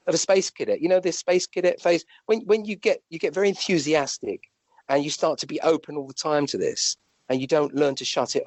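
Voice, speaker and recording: A man with a British English accent, a physician and medium, telling rambling anecdotes as a guest, with many restarts and lively jumps in pitch. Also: no room sound. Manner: animated, rambling anecdotes with restarts and acted-out quotes. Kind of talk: conversational storytelling.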